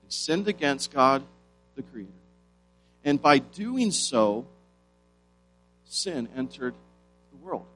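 A man's voice: medium pitch, very animated, slow pace, long pauses, a bit bright, soft background music, poor audio. A man preaching a sermon with emphatic stresses and rhetorical questions.

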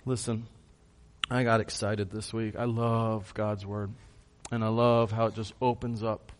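A man preaching a sermon, who swings from hushed lines to loud bursts and puts questions to his congregation. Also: on the low side, little pitch movement, unhurried. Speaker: pastor.

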